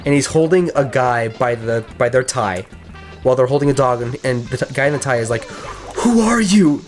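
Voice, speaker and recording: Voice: mid-range voice, steady tone, fairly quick, soft background music. A gaming co-host in casual let's-play chat, rambling and cursing while retelling a film plot. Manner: rambling, profane, retells a film with quoted voices.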